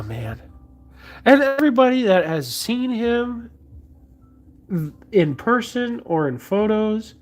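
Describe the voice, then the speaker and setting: Slow, rambling vlogger chatting while sculpting. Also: mid-range voice. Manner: rambling and jokey, many fillers. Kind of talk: casual chat while sculpting.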